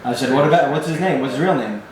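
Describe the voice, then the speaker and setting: Young man, dry wisecracking guest, mid-pitched voice, very echoey room, faint hiss. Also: quick pace. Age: young adult. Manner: dry, teasing humor. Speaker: guest filmmaker. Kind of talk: casual chat.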